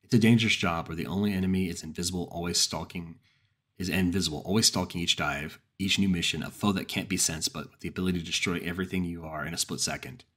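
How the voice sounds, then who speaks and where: A man with a very deep voice tells a campfire horror story in the first person. His voice is husky and low, and he keeps a slow, grave pace. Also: steady tone, a bit bright. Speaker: narrator.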